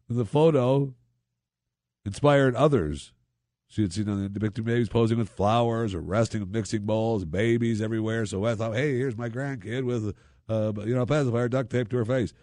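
Sarcastic deep-voiced talk radio host. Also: male voice, moderate pace, no room sound, studio quality. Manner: sarcastic, mocking, animated asides. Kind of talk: opinion talk radio monologue.

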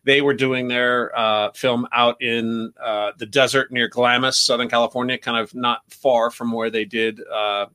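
Halting American man on a podcast. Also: medium pitch, flat delivery, sharp tone, clean tone. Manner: halting, repeats words as he gathers his thoughts. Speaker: journalist guest. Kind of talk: casual podcast interview.

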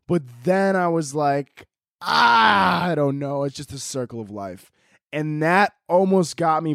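This is a young man's solo podcast rant, crude and rambling, delivered from a pile of pillows at home as he laughs at his own material. His voice sits a little high with a darkish tone, recorded cleanly on a podcast mic with headphones, free of echo.

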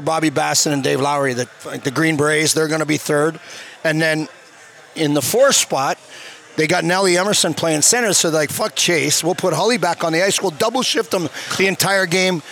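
A middle-aged man with a noticeably high speaking voice tells a rowdy story. His delivery is animated and full of swearing. He keeps checking in with his listeners as the casual chat goes on. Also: a little hiss or hum. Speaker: guest, former hockey player. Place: bar.

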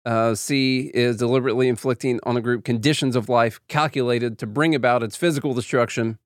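A man's voice: mid-range voice, fairly even intonation, fairly quick, no echo, clean studio sound. A man hosting a podcast, talking in a sarcastic, opinionated and rambling way. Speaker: podcast host. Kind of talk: casual commentary.

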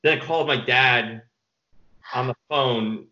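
A man's voice: medium pitch, measured pace, dull audio. A man, a filmmaker being interviewed, telling long rambling stories with many fillers. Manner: rambling, animated storyteller with fillers. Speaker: filmmaker guest. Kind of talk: casual interview storytelling.

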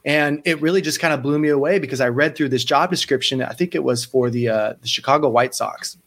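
Animated man telling coaching stories. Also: medium pitch, a little fast. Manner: animated, acts out quoted voices, frequent restarts. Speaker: sports psychology coach, podcast guest. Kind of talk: casual storytelling interview.

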